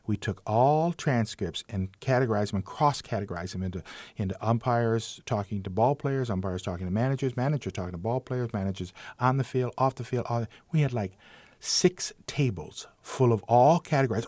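Older man spinning lively umpire yarns. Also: fairly quick, dry recording. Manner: animated, acts out quoted voices with big pitch jumps; self-mocking, punchline-driven humor. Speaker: retired baseball umpire telling stories. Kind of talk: anecdotal storytelling in an interview.

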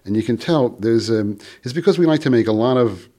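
A man with a Philadelphia accent, a guest author on a radio interview, explaining lively and playfully, trailing off and restarting. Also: mid-range voice, fairly quick.

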